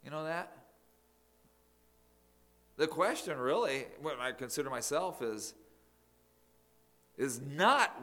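A man preaching a sermon, emphatic, swinging from loud declarations to near whispers. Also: medium pitch, lively intonation, slow, pauses often.

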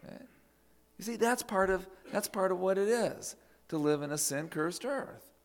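A man's voice: high-pitched, animated, normal speed. A man preaching a sermon in a conversational way, with folksy asides and emphatic peaks. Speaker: pastor.

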